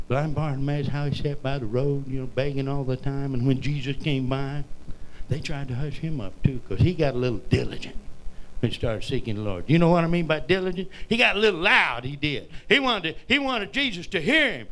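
Lively folksy preacher man. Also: fairly high pitch, moderate pace, low-quality recording. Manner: folksy storytelling, rising to loud cries. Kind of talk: sermon.

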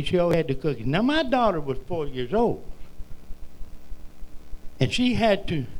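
A man preaching a sermon, telling folksy stories and building to loud cries. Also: fairly high pitch, poor audio.

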